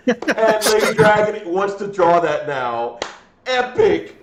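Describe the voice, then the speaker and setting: A man co-hosting a live-stream chat, animated and jokey and often laughing. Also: high-pitched, unhurried, a crowd in the background. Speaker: co-host. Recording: echoey room.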